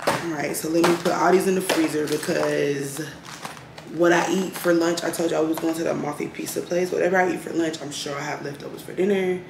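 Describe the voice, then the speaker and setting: A woman's voice: sits low, fairly even intonation, a little fast. A young woman, chatting casually to her viewers in a rambling vlog at home. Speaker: vlogger. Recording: echoey room with clear background noise.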